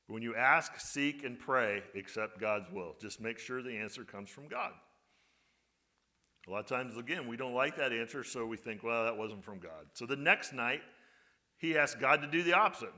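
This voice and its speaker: A man's voice: mid-range voice, sharp tone. A male pastor giving a conversational sermon, often putting rhetorical questions to his congregation.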